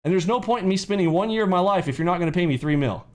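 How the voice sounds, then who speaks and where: A man's voice: high voice, lively intonation, racing. A man hosting a casual livestream on trading, brash and mocking, rambling as he takes questions from callers. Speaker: trading mentor and show host.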